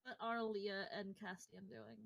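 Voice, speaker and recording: A woman's voice: medium pitch, steady tone, unhurried, gravelly, fairly bright tone, slight background noise. A woman acting as game master, explaining the setting in a matter-of-fact way. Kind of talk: running a tabletop game.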